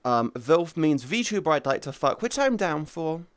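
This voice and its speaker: A woman's voice: sing-song, moderate pace, no echo. Teasing woman streamer in her thirties. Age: 30s. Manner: playful, teasing, swings between high squeals and low mutters. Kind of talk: casual chat with viewers.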